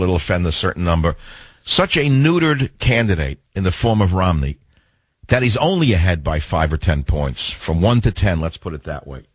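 A man's voice: on the low side, husky, no echo. An older man hosting a talk radio show, delivering an opinionated, combative monologue with rhetorical questions. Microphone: studio mic.

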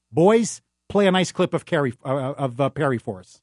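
Male talk radio host, high-pitched, punchy and opinionated, recorded dry in the studio. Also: animated, a little mellow, no echo. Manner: emphatic, rapid-fire and opinionated. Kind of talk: political talk radio monologue.

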